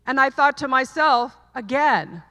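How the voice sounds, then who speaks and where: Middle-aged woman giving a graduation speech, high bright voice, earnest, hall echo. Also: expressive, unhurried. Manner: earnest storytelling with repeated emphatic phrases. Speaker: commencement speaker. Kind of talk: commencement speech. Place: large hall, live audience. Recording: long hall reverb.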